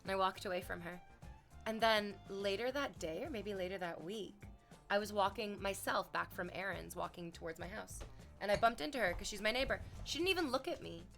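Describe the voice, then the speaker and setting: A woman's voice: medium pitch, a little fast, vocal fry, a bit bright, soft background music. A young woman streaming, chatting casually with her viewers and telling a story with playful quoted voices. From Canada.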